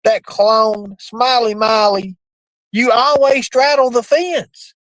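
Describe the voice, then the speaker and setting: A man hosting a livestream, rambling in crude casual chat with sudden jumps in pitch. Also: slow, fairly bright tone, dry recording, poor audio. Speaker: livestream host.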